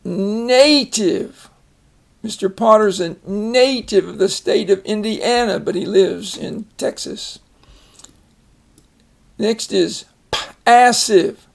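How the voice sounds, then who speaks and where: Older male phonics tutor, gravelly fry, unhurried and patient. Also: high-pitched. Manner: slow, patient, explains word by word. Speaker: phonics teacher. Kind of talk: casual reading lesson.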